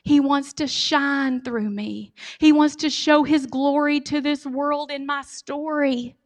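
A woman giving a storytelling sermon, animated and humorous, speaking directly to her audience. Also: high-pitched, slow pace. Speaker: speaker giving a church talk.

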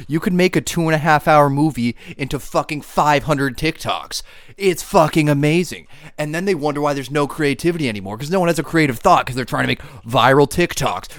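A man's voice: fairly high pitch, no echo. Young guy cussing thru a rambly podcast rant, dry close sound. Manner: profane, rambling, swings into loud outbursts. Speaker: podcast host.

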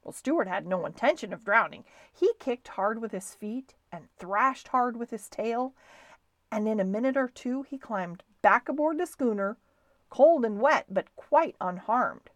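A woman hosting a bedtime story show, reading a children's book aloud in a lively, expressive way. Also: on the high side, measured pace, no echo. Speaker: storyteller, podcast host.

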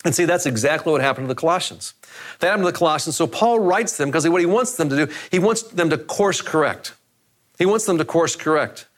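A man's voice: a little high, animated, brisk. A man preaching a sermon in a conversational way, often repeating phrases for emphasis. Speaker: pastor.

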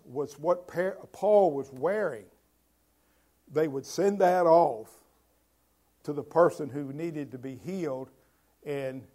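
A man in mid pitch preaching a sermon at an unhurried pace. He stops and restarts often. He leans hard on key words, then lets his voice fall away. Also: warm tone. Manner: slow, halting delivery with many fillers and restarts. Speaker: pastor.

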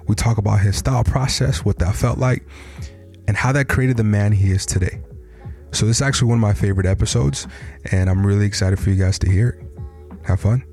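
A man's voice: lowish voice, a little fast, a little mellow, soft background music. A man introducing a podcast episode in a scripted, dramatic way, asking listeners to imagine scenes. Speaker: podcast host.

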